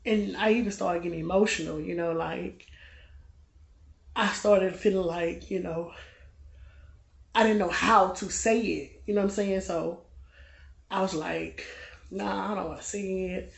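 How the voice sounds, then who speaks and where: A man in his late twenties telling a personal story to his vlog audience in a relaxed, conversational way, often dropping into a soft, low-key delivery. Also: measured pace, vocal fry, long pauses. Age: late 20s. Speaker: vlogger. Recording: echoey room with loud background noise.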